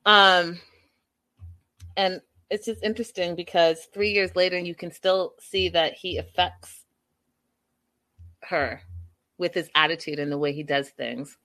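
A woman's voice: fairly low pitch, measured pace, long pauses. Gossipy woman recapping reality TV. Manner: gossipy, animated, acts out quotes. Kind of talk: casual recap commentary.

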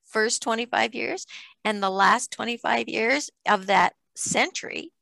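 A podcast host in her sixties chats in a rambling, casual interview, laughing between her thoughts. Her slightly high voice is creaky, pushed, and bright, moving at a measured pace on a dry recording.

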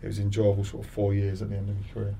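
Middle-aged ex-footballer, low voice, set back from the mic, lively storytelling. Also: male voice, rapid-fire, creaky, recorded from a distance, slight background noise. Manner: animated, acts out crowd taunts with rising voice. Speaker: guest, former footballer. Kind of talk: casual interview storytelling.

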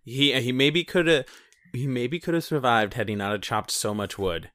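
A man's voice: mid-range voice, lively intonation, moderate pace, a bit bright, no echo. Young man co-host, jokey rambling chat, dry close sound. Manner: joking, rambling with many fillers. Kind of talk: casual chat.

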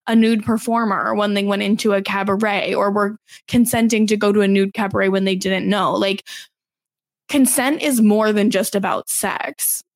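Woman with gravelly vocal fry. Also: mid-range voice, steady tone, normal speed, dry recording. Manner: conversational, opinionated, uses "like" often. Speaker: podcast co-host. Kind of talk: casual chat.

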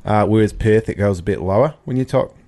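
A man's voice: on the low side, warm tone. A man in casual podcast banter, teasing the others and firing off gags. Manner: joking, teasing, quick with gags. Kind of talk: casual chat.

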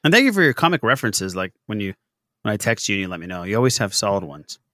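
A man's voice: lowish voice, very animated, rapid-fire, pushed and bright, no echo, clean studio sound. A man co-hosting a pop-culture podcast, casual and jokey, telling corny jokes. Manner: jokey, tells corny pirate jokes with voices. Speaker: podcast co-host. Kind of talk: casual chat.

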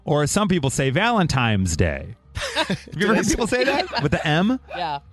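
Lively, animated male radio host. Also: sits high, husky, faint music behind. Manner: animated, jokey, quick to laugh. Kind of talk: morning radio banter.

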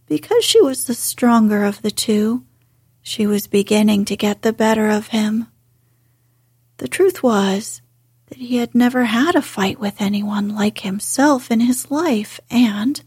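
Female narrator, whispered storybook reading; breathy, unhurried, dry close sound. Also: medium pitch, a little mellow, no room sound. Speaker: audiobook narrator.

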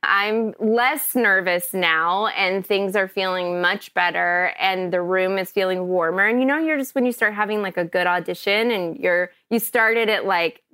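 A woman from Kentucky, an actress guest on a podcast, telling a story in an animated, chatty way. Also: mid-range voice, measured pace, few pauses, clean tone, no room sound. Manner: chatty, animated, often laughing.

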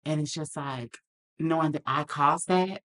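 A woman's voice: low voice, a little slow, fairly bright tone. A woman talking candidly as a podcast guest, earnest and reflective, acting out the lines of others in her story.

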